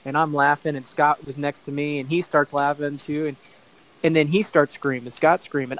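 A man's voice: a little high, little pitch movement, moderate pace, a little hiss or hum, poor audio. A middle-aged man telling a long anecdote in a casual interview, rambling and correcting himself as he goes. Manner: rambling, self-correcting storyteller who acts out quoted voices.

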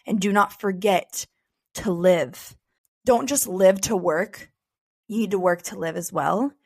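A young woman co-hosting a podcast tells personal stories in a candid, chatty way, dropping "like" often. Her mid-range voice is unhurried, gravelly, husky and darkish, recorded in clean studio sound with no echo.

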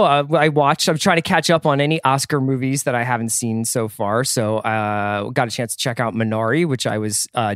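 A man's voice: medium pitch, no room sound, clean studio sound. A man from Philadelphia co-hosting a podcast in casual chat, upbeat and rambling with fillers. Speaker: podcast co-host. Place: Los Angeles studio.

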